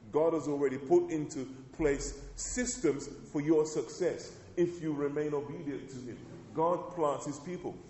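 A man's voice: mid-range voice, dark tone. A man preaching a sermon as pastor, calling out to the congregation and reading scripture with rising emphasis. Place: church. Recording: echoey church hall.

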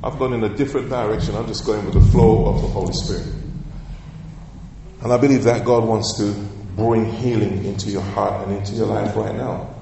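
A man with a lowish voice preaches from the front of a church, pressing each point hard and stretching out the lines he wants remembered. His voice rings through a big echoing hall, picked up from some distance, with a faint room hum underneath. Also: steady tone, creaky. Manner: emphatic, repeats key phrases slowly, calls for responses. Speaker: pastor. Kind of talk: preaching a sermon. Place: church sanctuary. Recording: echoey church hall, voice from afar.

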